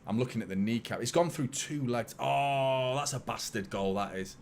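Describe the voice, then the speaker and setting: Excitable football fan streaming. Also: male voice, fairly low pitch, fairly quick, slight background noise. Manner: excitable, swears, jokes with chat. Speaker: watchalong host. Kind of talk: live football watchalong commentary.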